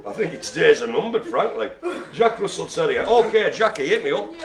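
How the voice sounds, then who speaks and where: With vocal fry and a voice on the high side, a man calls dog bingo live, moving fairly quickly in a sing-song way. He plays the jokey showman, laughing often, while crowd noise fills the room where his colleagues are present.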